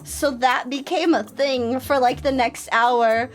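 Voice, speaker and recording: High-voiced woman telling a story unhurriedly. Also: slow. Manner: animated, laughing, acts out friends' voices. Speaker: streamer and military veteran. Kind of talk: casual storytelling on a live stream.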